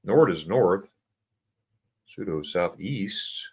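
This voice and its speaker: An American man hosting a casual livestream chat, reading viewer comments aloud and slowly sounding out German words. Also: low-pitched, animated, darkish tone, a little hiss or hum. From United States. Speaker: livestream host. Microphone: computer mic for a livestream.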